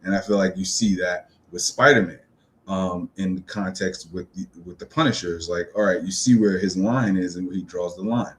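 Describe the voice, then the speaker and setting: Low-voiced New man, chatty reviewer. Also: normal speed. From New York City. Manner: loose and chatty, lots of ums and uhs, upbeat. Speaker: movie reviewer. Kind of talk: casual spoken film review.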